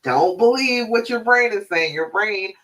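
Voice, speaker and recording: A woman's voice: medium pitch, measured pace, a bit bright, recorded from a distance, low-quality recording. Woman coaching on a live stream, off-mic. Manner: conversational, often checks in with "all right?".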